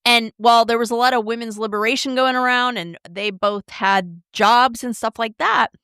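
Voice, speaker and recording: A middle-aged woman co-hosting a podcast, talking in a candid, animated way and often asking "right?". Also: a little high, moderate pace, clean tone, no room sound, studio quality. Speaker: podcast co-host. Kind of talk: casual chat.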